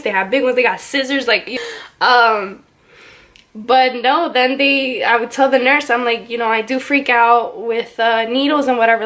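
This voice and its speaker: A young woman vlogger casually telling a story, animated and chatty, full of "like" fillers. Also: fairly high pitch.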